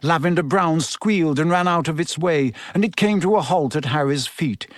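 A man's voice: fairly high pitch, normal speed, no room sound, clean studio sound. A man reading a story aloud as scripted narration, delivering it expressively and slipping into voices for the characters.

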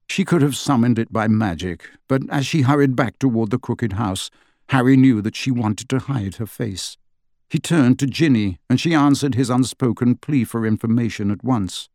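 A man reading an audiobook with steady storytelling narration. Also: medium pitch, moderate pace, no echo, clean studio sound. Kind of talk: scripted narration.

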